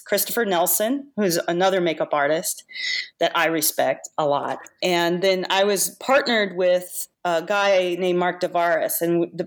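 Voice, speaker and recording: Lower-pitched woman telling lively stories. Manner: lively, laughs often while telling stories. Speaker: guest makeup artist. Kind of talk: casual storytelling.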